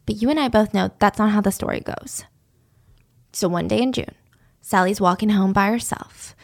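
A woman telling a story in a chatty, animated way with dramatic asides. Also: mid-range voice, normal speed, creaky. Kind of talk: casual storytelling.

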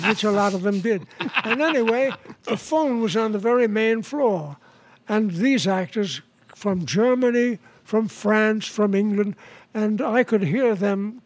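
A man in his nineties from New York, a guest comedian telling stories in a halting way, with restarts and chuckles. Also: sits high. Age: 90s. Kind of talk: casual storytelling interview.

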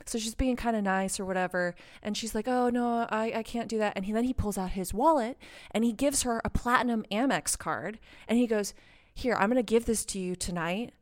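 A young woman telling a story in casual chat, animated and swearing, with lots of "like". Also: a little high, a little fast. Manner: animated, swearing, heavy use of "like". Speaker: podcast co-host.

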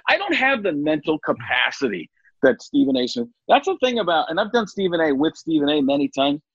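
A male comedian chatting in an interview, animated and slipping in and out of voices. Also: on the high side, brisk, gravelly, breathy edge, no echo. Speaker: comedian guest. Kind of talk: casual interview chat. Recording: dull lo-fi dry sound.

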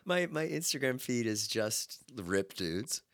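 A middle-aged podcast host in casual chat, laid-back with wry asides. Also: male voice, mid-range voice, sing-song, unhurried, a bit bright, no echo, clean studio sound.

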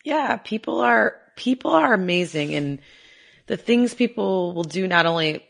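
A woman co-hosting a casual podcast, talking in an emotional, halting way as she gets teary. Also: medium pitch, lively intonation, creaky, a bit bright. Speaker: podcast co-host.

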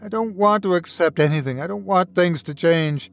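A man's voice: high voice, normal speed, vocal fry, soft background music, pitched above the performer's own voice. A man voicing a panicked, pleading young man. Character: panicked grieving young man, desperate and clinging.

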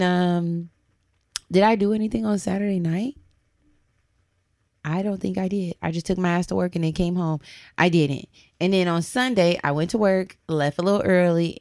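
A woman co-hosting a podcast, telling a story in an animated, blunt, casual way and swearing freely. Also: fairly low pitch, clean tone, no echo, studio quality. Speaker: podcast co-host.

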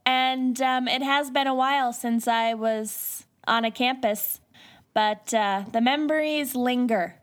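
A woman's voice: on the high side, slow. A woman co-hosting a podcast with friends, chatting casually, reading ads and laughing often. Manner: laughs often, drawls "y'all". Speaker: podcast co-host. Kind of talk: casual chat and ad read.

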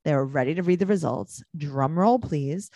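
A woman's voice: sits low, moderate pace, mellow. A woman co-hosting a podcast, chatting casually and acting out quotes with frequent laughs. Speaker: podcast co-host. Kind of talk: casual chat recapping reality TV.

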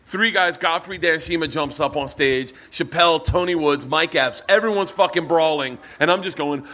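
A man hosting a live podcast, telling swearing, animated stories and acting out the voices of the people in them. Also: a little high, normal speed, hardly any pauses. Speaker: comedian podcast host. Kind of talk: storytelling to a live audience. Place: bar with live audience.

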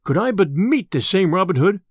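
A man voicing a boastful, quick-tempered tinker who blusters in old-fashioned speech, read in a storybook telling. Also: sits high, sing-song, slightly rough, dry recording, studio quality, heavily acted. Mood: hearty. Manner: blustering, loud archaic speech.

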